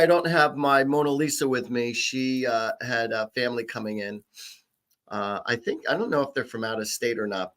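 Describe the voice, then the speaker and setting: A male psychic host talks to his viewers in a loose, chatty way. He rambles, restarts sentences and leans on fillers as he goes. His pitch sits in an ordinary middle range for a man. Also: a bit bright. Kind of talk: casual live-stream chat.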